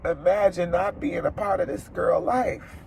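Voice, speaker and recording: A woman's voice: fairly low pitch, fairly even intonation, measured pace, creaky, darkish tone, slight background noise. A woman vlogger crying as she vents about a friendship breakup, swearing as she talks to camera from her car. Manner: tearful, venting, swearing. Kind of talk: emotional car chat to camera. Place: inside a parked car.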